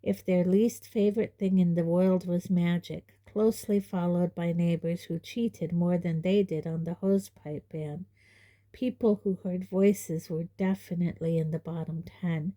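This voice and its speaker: A woman narrating an audiobook in a measured, even way. Her voice is very dark and mellow, and she takes an unhurried pace. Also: on the low side. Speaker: audiobook reader.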